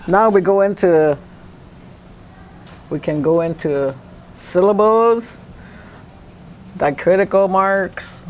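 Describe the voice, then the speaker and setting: A woman language teacher giving a classroom lesson, speaking slowly and deliberately and repeating words syllable by syllable. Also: medium pitch, a little mellow, a little hiss or hum.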